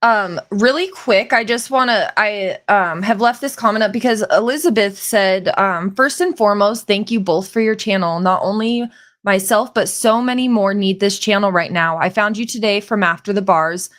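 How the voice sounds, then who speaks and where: A woman's voice: mid-range voice, moderate pace, a bit bright. A woman co-hosting a podcast in casual chat, a supportive listener who reads out viewer comments with many fillers. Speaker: podcast co-host.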